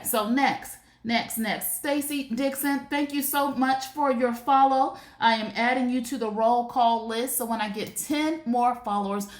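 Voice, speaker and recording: A woman hosting a live shopping stream, talking to her viewers in a chatty, animated way. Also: fairly high pitch. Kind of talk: casual live stream product chat. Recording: roomy echo.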